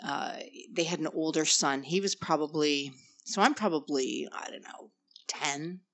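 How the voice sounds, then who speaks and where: Bright-voiced woman recalling memories. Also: sits low, measured pace. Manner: chatty, hesitant with many fillers. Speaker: podcast co-host. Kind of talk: casual chat.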